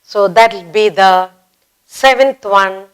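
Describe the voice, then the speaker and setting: A woman's voice: medium pitch, smooth, low-quality recording. A woman with an Indian English accent teaching a grammar lesson for children, acting out example exclamations. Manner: slow, acts out example exclamations.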